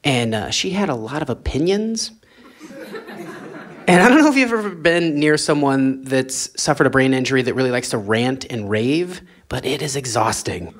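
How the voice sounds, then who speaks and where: A man's voice: animated, normal speed. A man doing a stand-up comedy set on a club stage into a handheld mic, wry and drawling. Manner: wry, drawling delivery that climbs into high shouting rants. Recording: live club recording with loud audience laughter.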